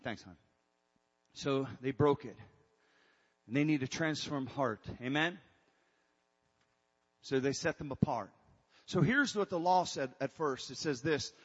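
A male pastor preaching a sermon with call-and-response, rising to shouts. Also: medium pitch, a little slow, pauses often, slightly rough. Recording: reverberant hall, dull lo-fi sound.

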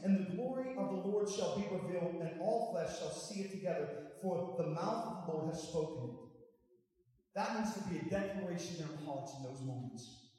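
A man preaching a sermon, building up to loud, rising declarations. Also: high voice. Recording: echoey hall from far off.

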